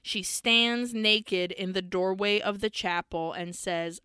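A woman's voice: mid-range voice, takes it slowly, hardly any pauses, pushed and bright, smooth, no room sound. A woman co-hosting a podcast, retelling a film's plot in casual chat, swearing freely and laughing as she goes. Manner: swears often and laughs while telling the plot. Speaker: podcast co-host. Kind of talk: casual film recap chat.

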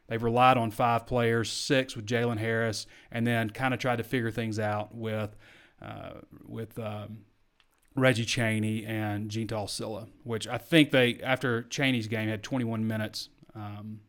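A man in the host's chair of a sports podcast, talking at an ordinary pitch in a loose, conversational way. He rattles off scores and stats and stops to fix his own slips along the way. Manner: chatty, self-correcting, stat-heavy. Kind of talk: casual sports talk show.

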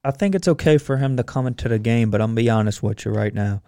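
A man's voice: medium pitch, quick pace, warm tone, clear, resonant tone, no room sound, studio quality. A man co-hosting a sports betting podcast, telling stories in a casual chat.

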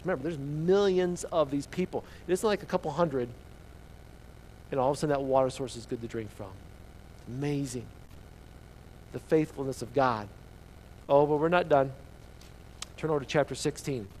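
Animated preacher man telling a story. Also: a little high, slight background noise, low-quality recording. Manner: animated storytelling, sharp swings from loud to hushed. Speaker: pastor. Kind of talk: sermon.

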